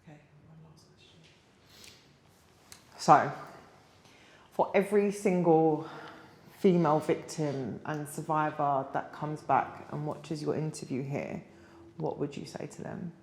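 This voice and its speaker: Low-voiced woman interviewer in an echoey room. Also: a little slow, pauses often, a little mellow. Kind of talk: interview questions.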